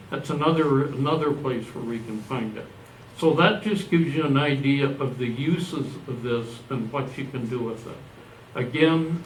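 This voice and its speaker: A man's voice: mid-range voice, a little hiss or hum. An older man from Canada giving an informal presentation to a live audience, rambling a little and correcting himself as he goes. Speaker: presenter at a genealogy society talk. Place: meeting room. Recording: echoey room recorded from a distance.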